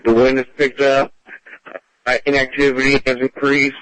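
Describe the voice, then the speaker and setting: A man calling in a weather report over amateur radio, speaking slowly in broken phrases. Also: mid-range voice, completely flat delivery, fairly bright tone, dry recording, poor audio. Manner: slow, broken delivery.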